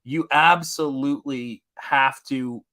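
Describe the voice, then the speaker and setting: A man from Tennessee hosting a live art stream, telling a story in a casual, animated way with frequent laughs and swearing. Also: mid-range voice, takes it slowly. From Tennessee, USA.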